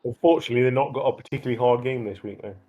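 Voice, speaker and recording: A man's voice: mid-range voice, racing, muffled recording. A man co-hosting a podcast, chatting casually with short teasing remarks. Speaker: podcast co-host. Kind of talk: casual chat.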